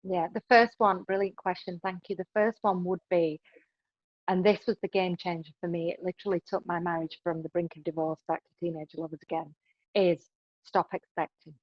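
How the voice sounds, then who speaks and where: A woman's voice: fairly low pitch, steady tone, a little fast, dry recording, highs cut off. A woman being interviewed on a podcast, giving relationship advice in an emphatic way and often adding "right?" to her points. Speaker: podcast guest.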